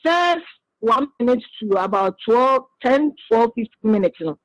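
A woman's voice: on the high side, lively intonation, unhurried, dry recording, poor audio. Woman earnestly explaining her side. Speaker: interviewee. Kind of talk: radio interview in Twi.

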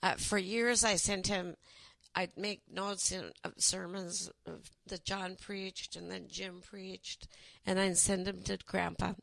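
An older woman reading her own memoir aloud in a gentle, unhurried storytelling way, then chatting about it. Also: medium pitch, little pitch movement, gravelly, no room sound. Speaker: author.

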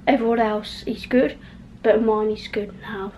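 A woman's voice: medium pitch, level tone, moderate pace, darkish tone, slight background noise, poor audio. A woman from the UK chatting in a rambling vlog at home, full of fillers and trailing off. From United Kingdom. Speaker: vlogger. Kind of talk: casual vlog talk. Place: home bedroom, indoors.

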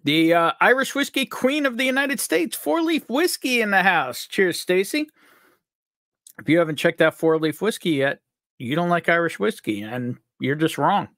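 A cheerful livestream host from upstate New York jokes around while greeting viewers by reading out their chat names. His slightly high voice is very animated and lively, moving up and down at a moderate pace with a bit of brightness. The recording is dry, without room echo.

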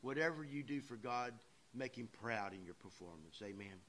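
A man preaching a sermon as pastor, folksy, shifting between loud emphatic lines and quiet asides. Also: mid-range voice, expressive, normal speed. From Louisiana. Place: church sanctuary.

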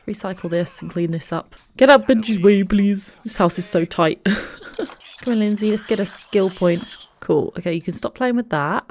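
A woman narrates her let's play in a relaxed, chatty way at an ordinary pitch. She talks straight to her characters and laughs lightly as she goes, recorded close on a desktop mic. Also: moderate pace. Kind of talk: casual gameplay commentary.

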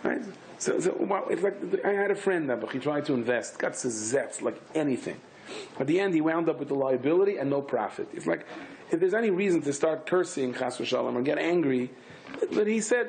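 A rabbi with a somewhat high voice teaches a Torah class, moving between quick asides and sudden high, emphatic peaks. He mixes Hebrew and Yiddish words into his English. A faint hiss of noise runs under the recording. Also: lively intonation, a little mellow.

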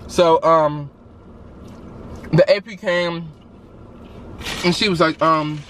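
A man's voice: a little high, slow pace, a little hiss or hum. A man telling a story casually while eating, acting out each quote with loose, filler-filled chat. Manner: animated, acts out every quote; loose, chatty, many fillers. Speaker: vlogger.

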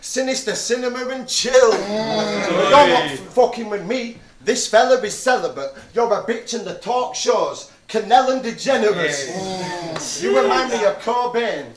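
A man's voice: high voice, expressive, measured pace. A young man delivering mocking rap battle verses to a live crowd. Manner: brash, mocking, punchline delivery. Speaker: battle rapper. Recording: echoey venue with loud crowd.

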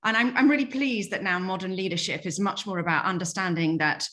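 A woman in her forties from Yorkshire with a light Yorkshire accent, speaking as an interview guest in an earnest, measured way with frequent ums and restarts. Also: mid-range voice, a bit bright. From Yorkshire, England. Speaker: guest executive. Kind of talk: reflective interview talk.

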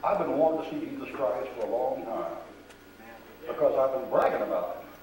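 Older man, folksy preacher, distant and roomy, faint crowd hush. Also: mid-range voice, lively intonation, a little fast, slight background noise. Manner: folksy storytelling, acts out quoted voices. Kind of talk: sermon. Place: church. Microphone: far camera. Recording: roomy echo, recorded from afar.

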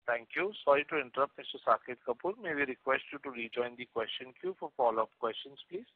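A man's voice: medium pitch, fast, slightly rough, dry recording. Male conference call moderator, polite and formal, dry phone-line sound. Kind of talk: scripted moderating.

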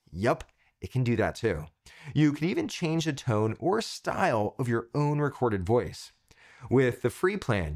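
A man hosting a tech tutorial, giving an upbeat scripted product review in punchy short phrases. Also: medium pitch.

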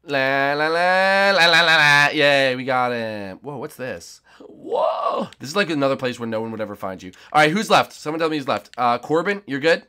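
A young man giving let's play commentary on a game, excitable and often shouting and squealing. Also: mid-range voice, normal speed, few pauses, clear, resonant tone. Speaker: gaming YouTuber.

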